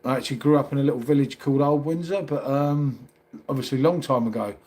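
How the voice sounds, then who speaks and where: A man's voice: mid-range voice, fast, darkish tone. A middle-aged man with a London accent, chatting casually on a livestream and reading out comments, calling everyone mate. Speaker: livestream host.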